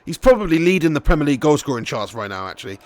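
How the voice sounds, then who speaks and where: An excitable man with a high voice is streaming a football career mode game, racing through live commentary and reading chat. He swears freely and shouts whenever a goal goes in.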